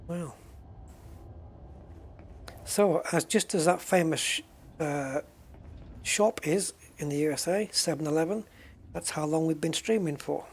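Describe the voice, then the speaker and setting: A man's voice: on the high side, unhurried, long pauses, a little hiss or hum. A man chatting casually while streaming a space game, joking and exclaiming at prices. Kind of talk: casual gameplay commentary.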